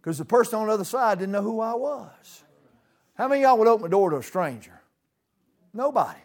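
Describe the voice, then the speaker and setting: A man preaching a sermon in a church, folksy, with dramatic swings from loud to hushed. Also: sits high, very animated, a little fast.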